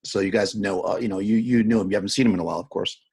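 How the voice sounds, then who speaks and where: Gravelly, husky game master. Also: male voice, lowish voice, steady tone, racing, darkish tone. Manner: explanatory, with many fillers. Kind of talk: running a tabletop game.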